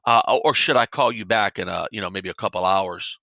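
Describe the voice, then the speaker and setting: Male podcast preacher, conversational sermon, bright forceful tone with a gravelly edge, repeats himself and tells homespun stories. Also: sits low, brisk, no room sound. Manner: folksy, repetitive, illustrates with everyday stories.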